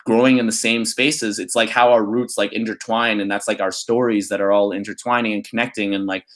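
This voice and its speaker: A young man with a fairly low, fairly flat voice talks quickly in a candid, reflective vlog. He rambles, packing his speech with "like," before reading a poem he wrote.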